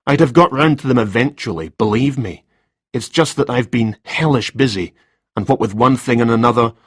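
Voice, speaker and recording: A man voicing a nervous middle-aged male writer who rambles and hedges, with a husky voice. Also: medium pitch, moderate pace, no room sound, studio quality, lightly acted. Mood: flustered. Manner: hesitant, rambling and defensive.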